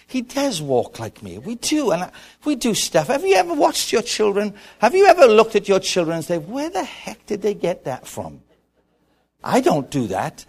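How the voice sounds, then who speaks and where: A middle-aged man preaching a sermon, telling stories with animated repetition. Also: on the high side. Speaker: pastor.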